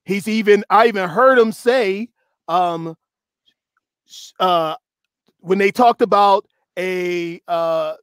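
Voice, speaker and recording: High-voiced animated male host, dry sound. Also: smooth, no echo. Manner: animated, laughs often, reads quotes slowly for emphasis. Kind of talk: casual discussion chat.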